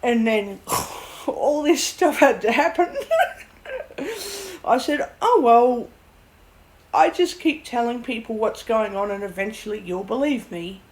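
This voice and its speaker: A woman's voice: fairly high pitch, expressive, slow, pauses often, poor audio. Blunt woman venting. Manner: blunt, swears, laughs at her own ordeal. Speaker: vlogger. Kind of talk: rambling personal vent.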